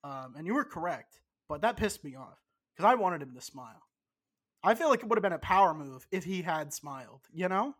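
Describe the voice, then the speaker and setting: A man's voice: a little high, animated, a little fast, fairly bright tone. Tipsy man rambling with stumbling restarts. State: tipsy from drinking. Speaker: podcast co-host. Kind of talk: casual podcast banter.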